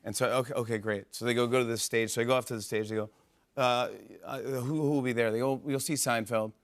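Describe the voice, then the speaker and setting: Excitable male talk show host. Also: mid-range voice, quick pace. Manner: excited, laughing, rambling with many fillers. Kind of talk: casual storytelling monologue. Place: TV studio stage.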